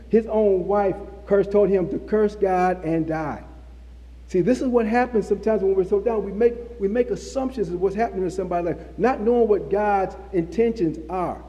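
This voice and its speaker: A man delivers a sermon in a high but mellow voice, hammering his points through repetition. His words ring out with a long hall reverb around them. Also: moderate pace, dull audio. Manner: repetitive, emphatic preaching with restarts. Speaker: preacher.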